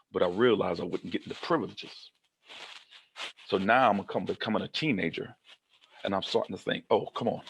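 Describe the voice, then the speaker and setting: A man from Kentucky giving a humorous motivational keynote, telling his own story in an animated style and acting out the dialogue. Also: low voice, creaky, a little hiss or hum. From Kentucky, United States. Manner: animated, comic, acts out dialogue.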